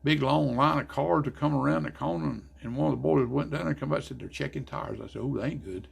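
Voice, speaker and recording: An older man with a drawl spins racing yarns in a heavily gravelly, rough voice. He talks in a folksy, lively way and acts out each side of the conversation. His voice sits at an ordinary pitch but carries a husky grain. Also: quick pace. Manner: folksy, animated storyteller acting out dialogue. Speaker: guest, former racer and car builder. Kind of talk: casual storytelling interview.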